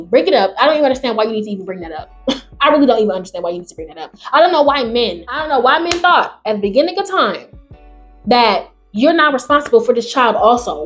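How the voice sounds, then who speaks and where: Woman host, fairly high and very lively voice, reads stories softly, then erupts into loud exclamatory rants. Faint music behind. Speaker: channel host. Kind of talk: reading online stories aloud and reacting.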